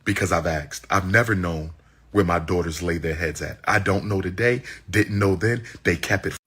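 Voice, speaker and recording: A man's voice: deep voice, moderate pace, fairly bright tone, husky. A man telling an audience his personal story in a heated, exclaiming way, repeating phrases for emphasis. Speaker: public speaker.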